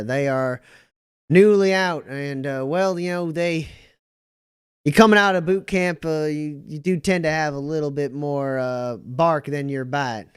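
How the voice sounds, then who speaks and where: A man doing a gruff militia captain. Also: mid-range voice, no echo, studio quality, natural voice. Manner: drawling, formal with a folksy edge. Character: gruff male militia captain, commanding and courteous.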